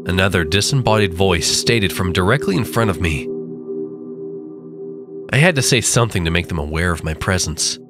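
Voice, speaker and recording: A male horror narrator with a low, expressive voice. He reads slowly and dramatically, leaning into the dread. Faint music hums under his reading. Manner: slow, dramatic delivery.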